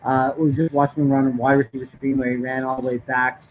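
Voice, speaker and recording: Man, mid-pitched voice, casual sports commentary, upbeat, lo-fi stream audio. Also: flat delivery, fast. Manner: upbeat, talkative, frequent "uh" fillers. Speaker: co-host of a live draft stream. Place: at home. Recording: tinny lo-fi stream audio with faint noise.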